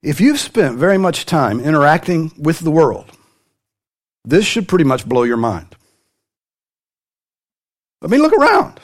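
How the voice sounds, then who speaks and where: A man's voice: a little high, lively intonation, moderate pace. A man preaching a sermon to a congregation, with light humor and sudden rises in his voice for emphasis. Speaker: pastor.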